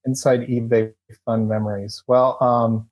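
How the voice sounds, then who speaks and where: A middle-aged man talks through his memories as an interview guest, circling back with fillers and false starts. His voice sits at an ordinary middle pitch, and his delivery is loose and conversational. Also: level tone, a little slow, darkish tone. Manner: rambling, many restarts and fillers. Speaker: guest, former eBay employee. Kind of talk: casual interview storytelling.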